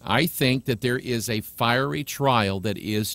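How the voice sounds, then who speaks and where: A man's voice: mid-range voice, unhurried, a bit bright, no echo. A man, a pastor and webcast host, preaching bluntly and mocking imagined critics on a live webcast.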